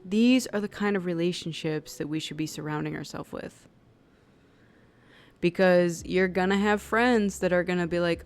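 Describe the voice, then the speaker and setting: Lowish-voiced woman doing a tarot reading, chatty, lotta "like"s, soft music behind. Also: moderate pace. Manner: conversational, chatty with many "like" fillers; acts out quoted people in lively voices. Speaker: tarot reader.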